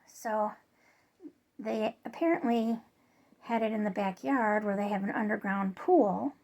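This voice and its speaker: A woman's voice: medium pitch, a little slow, darkish tone. A woman casually telling a story to her viewers in a chatty, rambling way, full of fillers and restarts. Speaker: vlogger.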